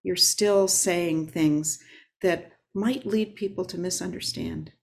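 A woman's voice: fairly low pitch, creaky, a little hiss or hum. Reflective woman giving a dharma talk. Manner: unhurried and reflective, with frequent filler pauses. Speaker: Zen teacher.

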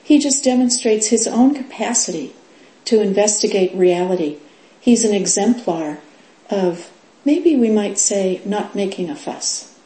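A middle-aged woman teaching as a Zen teacher in a dharma talk, unhurried, with many fillers and laughs. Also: mid-range voice, mellow. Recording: roomy echo.

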